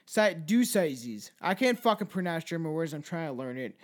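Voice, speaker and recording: A man with a high, swooping voice reads out strange news stories between jokes. He swears freely, laughs at his own remarks and trips over hard names. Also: sing-song, moderate pace. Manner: profane, loose and joking, stumbles over names. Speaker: podcast host. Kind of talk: casual chat, reading out news stories.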